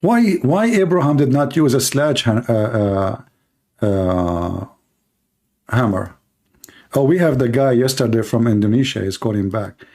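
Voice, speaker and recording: A man hosting a live-streamed call-in debate, talking in a mocking, sarcastic way and laughing at his callers, with halting restarts. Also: mid-range voice, expressive, mellow.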